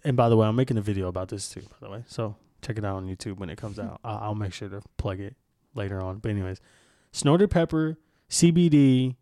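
A man's voice: fairly low pitch, fast talker, dark tone, dry recording. A young man hosting a casual podcast, telling a story in a candid, rambling way with lots of swearing. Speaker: podcast host.

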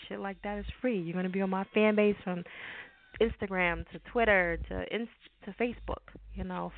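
A woman's voice: mid-range voice, gravelly. A woman hosting a radio talk show, talking in a laid-back, slangy, rambling way. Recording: tinny phone-like audio.

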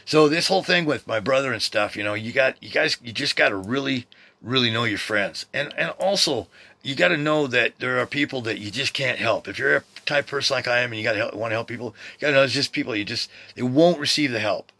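Middle-aged guy rambling on his home podcast, bright crisp voice, real dry sound. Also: medium pitch, no echo. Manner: loose, meandering, self-interrupting. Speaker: podcast host. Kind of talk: rambling personal monologue. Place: home room by his computer.

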